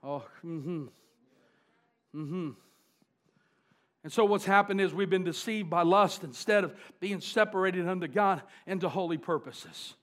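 A high-voiced man preaching a sermon. He drives his points with fervent force and then drops into quieter, conversational asides. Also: unhurried.

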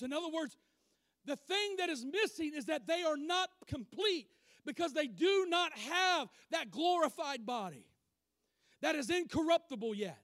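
Dry, close sound with no room echo carries a male preacher's strikingly high voice through his sermon. He's emphatic throughout, rising into loud proclamations and sinking to soft asides.

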